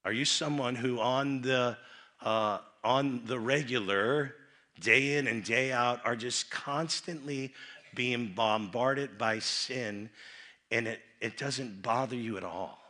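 A man preaching a youth rally sermon, dropping into quiet asides and rising to loud emphatic bursts, often repeating and restarting his phrases. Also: medium pitch, slow.

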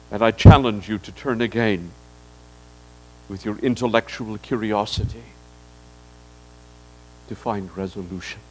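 A man's voice: lowish voice, a little mellow, rough recording. A man preaching a sermon to his congregation, speaking to them directly with rising and falling emphasis. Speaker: pastor. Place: church.

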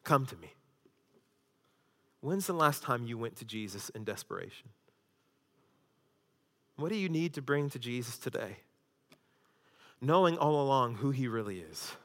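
A man preaching a sermon as pastor, swinging between loud emphasis and hushed intensity. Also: mid-range voice, lively intonation, normal speed, long pauses. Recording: long hall reverb.

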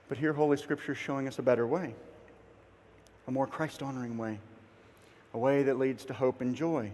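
A man preaching a sermon, acting out both sides of an inner dialogue with lively swings between loud and hushed delivery. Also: mid-range voice, normal speed, pauses often, long reverb tail. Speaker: pastor.

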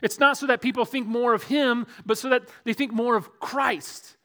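A man preaching a sermon as pastor in a church, earnest, moving between loud emphasis and quiet, dropped asides. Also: very high voice, fairly even intonation, normal speed.

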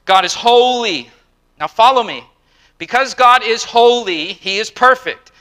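A middle-aged man preaching a sermon, emphatic and repeating himself, with quick acted-out asides. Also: extremely high pitch, lively intonation, sharp tone, low-quality recording. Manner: emphatic, repeats words, acts out quotes. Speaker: pastor.

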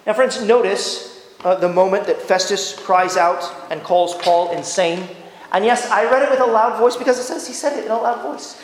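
A high-voiced man preaches earnestly, leaning into slow, emphatic phrases as he pleads with his hearers. His voice rings through a roomy hall with a long reverb tail. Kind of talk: sermon.

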